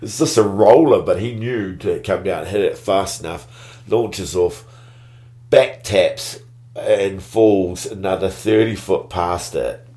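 A man, telling a story in a relaxed, slangy way. He keeps it loose and casual, with sudden bursts of excitement. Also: low-pitched, takes it slowly. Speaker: guest.

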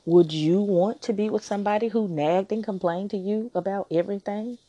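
A woman's voice: mid-range voice, normal speed, mellow, dry recording, dull audio. A woman hosting a relationship advice podcast, talking frankly and teasingly in a casual monologue.

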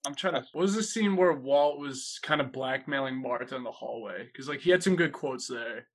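A man's voice: mid-range voice, normal speed. A man co-hosting a podcast, chiming in with short agreements and trailing sentences. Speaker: podcast co-host. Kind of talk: casual film discussion.

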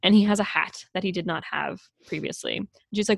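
A woman's voice: a little fast, gravelly, no echo. A woman co-hosting a casual podcast chat, recapping a film's plot, acting out the characters' lines and swearing freely. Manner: animated, acts out characters with big pitch jumps, swears casually. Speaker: podcast co-host.

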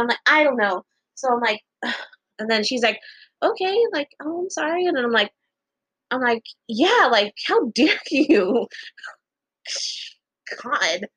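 A woman's voice: fairly bright tone, no room sound, low-quality recording. Chatty young woman telling a story. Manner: chatty, laughs often, swears casually, acts out quoted exchanges with big pitch jumps. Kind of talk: casual storytelling to viewers.

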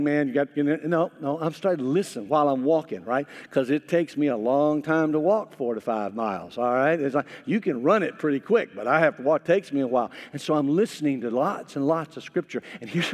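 Conversational preacher in a reverberant hall. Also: male voice, on the high side. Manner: conversational preaching, repeats words, rises to animated emphasis. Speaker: pastor. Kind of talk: sermon. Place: church.

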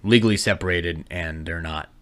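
A man's voice: low-pitched, moderate pace, fairly bright tone. A man co-hosting a casual podcast, ranting heatedly and swearing a lot. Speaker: podcast co-host.

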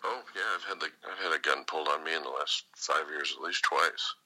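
A man's voice: a bass voice, brisk, sharp tone, poor audio. A man from California telling a long rambling story in casual chat, acting out the voices in it. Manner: rambling, acts out voices in his stories, swears.

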